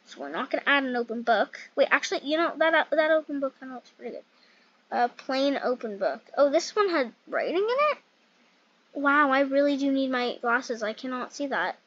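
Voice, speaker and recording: Giggly high-voiced woman gaming. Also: expressive, fairly quick, a bit bright, no room sound, lo-fi sound. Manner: giggly, self-mocking, rambling. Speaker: game YouTuber. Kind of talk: casual gameplay commentary.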